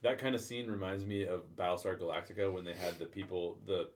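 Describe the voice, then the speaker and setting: Male podcast co-host, lowish voice, hesitant and rambling delivery. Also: steady tone, quick pace, slight background noise. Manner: hesitant, thinks aloud with ums. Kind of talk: casual chat.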